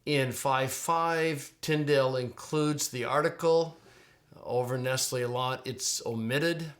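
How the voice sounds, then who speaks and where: A middle-aged man talking through a Greek text on his screen, like a teacher at his desk. He speaks casually and conversationally, repeating words and restarting his phrases, with a plain, mid-pitched voice. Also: slow.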